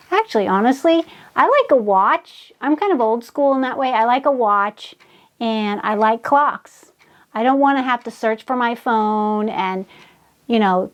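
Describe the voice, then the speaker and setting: A woman hosts a casual DIY tutorial in a high, bright-pitched voice. She talks at an easy, unhurried pace, narrating each step in a chatty way. She bursts into gasps of delight over her finished crafts. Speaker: DIY craft channel host.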